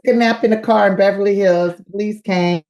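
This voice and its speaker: A woman tells a story as a comedian guest, animated and full of slang. Her voice sits mid-range. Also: mid-range voice, a little fast, highs cut off.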